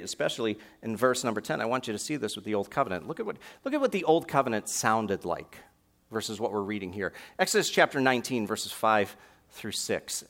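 A man preaching in a church with a bright, forceful voice. He reads scripture slowly, and he leans hard on the lines he wants to stress. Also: medium pitch. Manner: preaching with dramatic slow emphasis on scripture lines. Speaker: pastor. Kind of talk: sermon. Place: warm church sanctuary.

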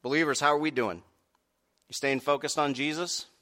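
A man preaching a sermon, asking the congregation direct questions and swinging from quiet earnest stretches to loud raised peaks. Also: on the high side, fairly even intonation, moderate pace. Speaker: pastor.

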